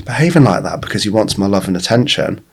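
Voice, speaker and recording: A man's voice: lowish voice, animated, quick pace, breathy edge. A man in his forties, a guest on a podcast, telling personal stories in a candid, casual way with plenty of swearing and restarts. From England. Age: 40s. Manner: candid, swears freely, many restarts and fillers. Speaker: podcast guest, life coach. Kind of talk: casual conversational storytelling.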